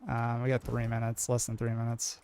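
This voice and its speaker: A man from New England with a New England accent, chatting casually with his live-stream audience as a game streamer, in a mellow, fairly monotone way full of "like" fillers. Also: mid-range voice, a little fast, clean tone.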